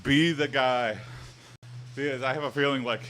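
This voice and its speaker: Bright-voiced rambling young streamer man. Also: medium pitch, fairly even intonation, moderate pace, slight background noise. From Southeast Michigan. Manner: rambling, jokey, reacts to chat with asides. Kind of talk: casual live-stream chat.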